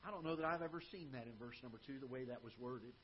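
A man with a Midwestern American accent preaching a sermon in a church auditorium. He swells to emphatic lines, then drops soft and low, and quotes scripture in old-fashioned wording. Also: racing. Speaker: pastor. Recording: dull live church broadcast, faint hiss.

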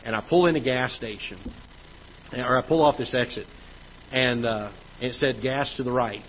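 A man, a pastor, preaching a sermon in a church auditorium, telling a personal story in a conversational way, growing loud at the frustrating parts. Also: medium pitch, moderate pace. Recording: dull church livestream audio with faint noise.

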